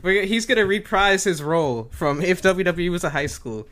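Animated man spinning comic stories. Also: high-pitched, moderate pace. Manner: animated storytelling with acted-out quotes. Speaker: co-host. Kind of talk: casual comedic chat.

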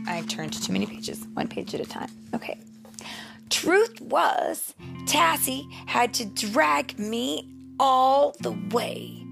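A young mother reading a picture book aloud to her child, expressive and slow, sometimes dropping into a whisper. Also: sits high, creaky. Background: soft guitar music.

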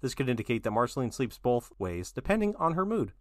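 A man's voice: medium pitch, sing-song, fast talker, dry recording, clean studio sound. A man co-hosting a casual chat, playful and laughing often. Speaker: podcast co-host.

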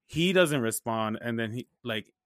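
A man's voice: medium pitch, animated, unhurried, a bit bright, dry recording, clean studio sound. A young man telling a story in a casual, slangy, profane way, acting out the back-and-forth dialogue.

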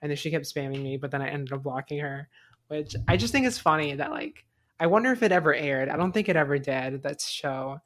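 A woman's voice: low voice, expressive, a little fast, a bit bright. A young woman co-hosting a podcast, telling a story in a casual, rambling way, full of fillers and swearing. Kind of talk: casual chat.

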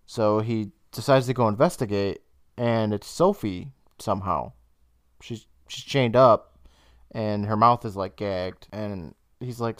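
A young man co-hosting a podcast, casually retelling an episode's plot with laughs and quick bursts of high mock voices. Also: no room sound, studio quality. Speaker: podcast co-host. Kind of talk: casual recap chat.

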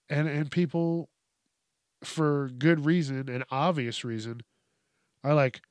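A man's voice: fairly high pitch, steady tone, slow pace, long pauses, darkish tone, no echo. A man hosting a comedic news show, ranting with heavy swearing and frequent laughter in a mocking tone. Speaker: host. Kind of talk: profane comedic news rant.

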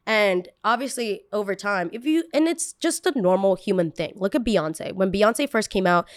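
A woman hosts a casual podcast in a lively, chatty voice at a mid-range pitch. She rambles and curses freely, slipping into quick voices for the people she quotes. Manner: animated and chatty, swears casually, acts out quotes. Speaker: podcast host.

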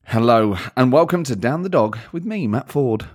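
A man's voice: medium pitch, animated, normal speed, faint music behind. A man co-hosting a podcast, chatting casually and teasing his co-host in a jokey way. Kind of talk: casual chat.

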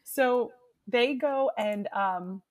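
Young woman, really high voice, animated storyteller, casual chat. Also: extremely slow. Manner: animated storytelling, acts out cheering in shrieks. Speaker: guest storyteller.

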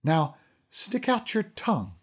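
Brief: a cool deadpan sorceress, put on by a male reader, quiet and calm. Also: high-pitched, slow, breathy edge, pitched above the performer's own voice, exaggerated voice. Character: calm, dry-witted sorceress, woman.

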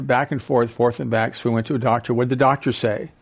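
Lively older man talking to an audience. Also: medium pitch, fairly quick, gravelly, few pauses. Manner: animated, asks the audience questions; storytelling with acted-out quotes. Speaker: speaker. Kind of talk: talk to a live audience.

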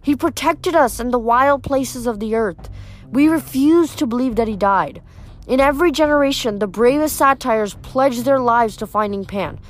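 A woman's voice: fairly high pitch, lightly acted. Earnest young satyr, as a woman reads him. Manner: earnest, indignant about pollution.

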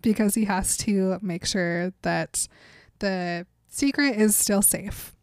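Brief: young woman co-host, casual book chat, dry close mic, mid-pitched. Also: steady tone, slow pace, smooth, no echo. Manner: chatty, laughs often, reads excerpts dramatically. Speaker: podcast co-host. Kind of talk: casual book discussion chat, reading passages aloud.

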